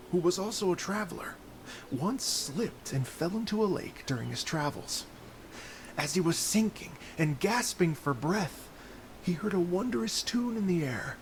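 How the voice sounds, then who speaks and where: A gravelly-voiced courteous musician. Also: male voice, fairly high pitch, noisy background. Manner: soft-spoken, storytelling. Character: gentle, courteous traveling male musician.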